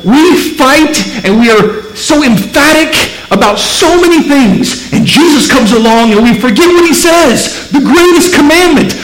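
A pastor from Missouri preaching a sermon to his church, emphatic, swinging between loud peaks and low, slow passages. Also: echoey room, poor audio. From Missouri, USA. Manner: emphatic, rising to near-shouted peaks, then dropping low and slow.

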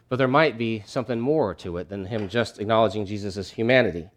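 A man's voice: on the low side, brisk, few pauses. Conversational male preacher. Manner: conversational and emphatic, with frequent restarts. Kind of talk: sermon.

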